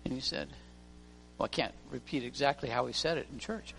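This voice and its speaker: Preacher with a gravelly, bright voice. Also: male voice, mid-range voice, fairly quick. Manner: storytelling preacher, acts out voices. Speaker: pastor. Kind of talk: sermon. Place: church. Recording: long reverb of a church hall, faint music.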